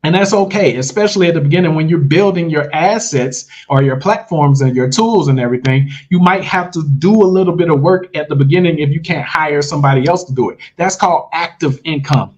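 A man hosting a casual livestream, giving a hyped, salesy pep talk straight to his viewers, full of slang and repeated phrases for emphasis. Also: a little high. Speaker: host of an online money-making livestream.

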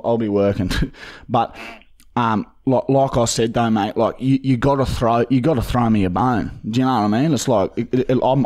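A man's voice: medium pitch, darkish tone, lightly acted. A young man with an Australian accent playing a pushy, swearing job seeker on a prank call, rambling with lots of fillers. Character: desperate rough-talking male job seeker. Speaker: prank caller.

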